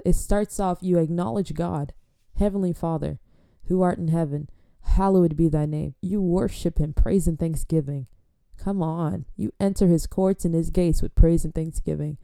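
A woman talking casually about prayer and faith, animated and teasing, with a preachy edge and frequent laughs. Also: fairly low pitch, gravelly, dry recording. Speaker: faith vlogger.

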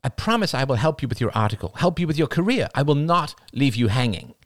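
A man's voice: medium pitch, very animated, fast, no echo, pitched above the performer's own voice, close to an everyday voice. A proud, ailing middle-aged woman, put on by a male audiobook narrator, once a famous reporter, who snaps and grandstands in a theatrical way. Her voice is raised and swoops widely, and it sounds close and dry. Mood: pleading. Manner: brash, snappish, theatrical.

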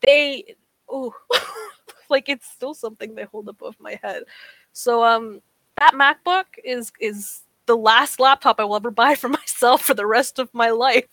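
Speaking a little slowly, a young woman on a chat podcast spins profane, animated stories and acts out everything people told her. She co-hosts the show, her voice is clear, bright, and pitched a bit high, and the close, dry recording has no room sound.

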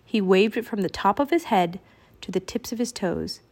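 A woman narrating a children's audiobook with clear, expressive storytelling. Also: mid-range voice, normal speed. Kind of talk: audiobook reading.

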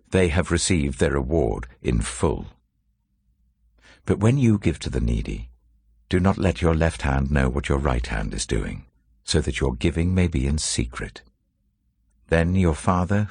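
A man slowly and solemnly reading scripture aloud, with a very deep, gravelly, husky voice. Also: no room sound, clean studio sound. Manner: slow, measured, expressive reading. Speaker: scripture reader.

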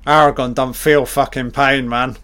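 A man blurts out reactions during a live film commentary, excitable and swearing constantly. His pitch is medium and he talks at a normal speed.

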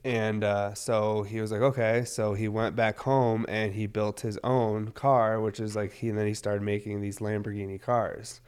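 Man, 30s, low voice; loose, filler-heavy, profane vlogger chat. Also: level tone, normal speed, few pauses, darkish tone, clean tone. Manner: loose, rambling, heavy on fillers, swears often. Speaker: cannabis vlogger. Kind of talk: casual rambling monologue.

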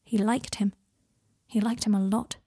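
Brief: woman storyteller, husky, unhurried, dry close recording. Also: mid-range voice, steady tone, dark tone, dry recording. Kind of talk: fan fiction narration.

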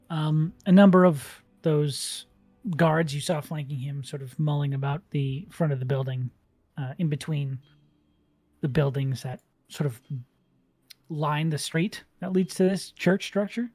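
A game master narrating a tabletop game in a relaxed, rambling way, full of fillers. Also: medium pitch, measured pace, no room sound, soft background music.

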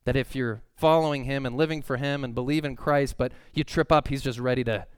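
A man in his thirties preaching a sermon in an earnest, conversational way, with sudden excited outbursts. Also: mid-range voice, brisk, clean tone, no echo, clean studio sound. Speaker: pastor.

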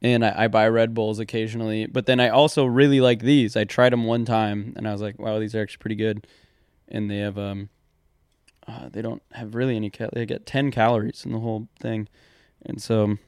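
A man's voice: on the low side, little pitch movement, normal speed, clear, resonant tone, dry recording, studio quality. A young man co-hosting a podcast in casual chat, laughing easily and rambling with lots of fillers. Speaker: podcast co-host. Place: studio.

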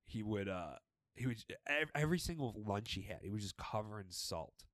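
Young man, low voice, dry close sound, casual podcast chat, cursing storyteller. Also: moderate pace, dry recording. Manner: animated storytelling, swears freely. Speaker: podcast co-host.

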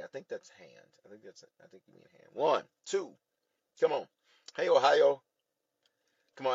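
A male bishop preaches to viewers on a livestream, energetic and repeating his lines for emphasis. His pitch rises and falls widely, with a slightly husky edge. The sound is dry and a little dull, like a close phone mic on a stream. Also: dry recording. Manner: energetic, talks straight to online viewers, repeats phrases for emphasis. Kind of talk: livestream sermon.

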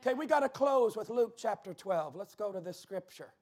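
Man, pastor, very high voice, fervent sermon, shouted emphasis, church. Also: animated. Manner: fervent preaching with shouted emphasis and quick asides to the congregation.

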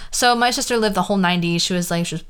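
A racing, smooth voice on the low side comes from a woman in her 20s who hosts a casual podcast alone. She's from California's San Fernando Valley, has a Valley girl accent, and rambles in a questioning tone, filling her talk with "like."

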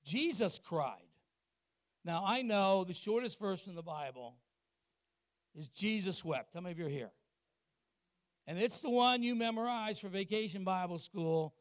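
A middle-aged male pastor preaching a sermon in church, moving between emphatic, loud points and quiet, confiding asides while asking the congregation questions. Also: high voice, animated, measured pace, long pauses, dry recording, clean studio sound. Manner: asks the congregation questions and acts out little exchanges.

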